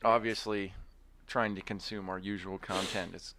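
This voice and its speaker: A man's voice: sits low, steady tone, normal speed, sharp tone. A man co-hosting a podcast in casual chat, wry and laughing along, swearing casually. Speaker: podcast co-host.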